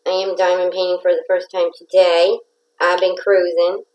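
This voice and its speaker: A woman's voice: on the low side, level tone, moderate pace, darkish tone, poor audio. A nasal woman hosting a casual craft livestream, chatting and greeting viewers by name.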